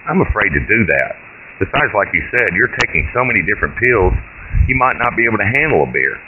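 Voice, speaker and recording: A man's voice: fairly low pitch, very animated, fairly quick, pitched above the performer's own voice. A man voicing a nervous, dutiful young great-grandson in a short story, speaking hesitantly and earnestly. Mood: anxious. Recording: tinny phone-like line with hiss.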